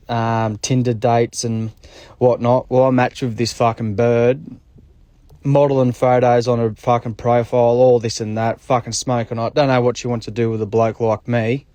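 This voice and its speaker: A man's voice: medium pitch, darkish tone, dry recording. A man with an Australian accent leaving a long, casual voice message, telling a story in a blokey, swear-heavy way. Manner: blokey, swears freely, does mates' voices in his story.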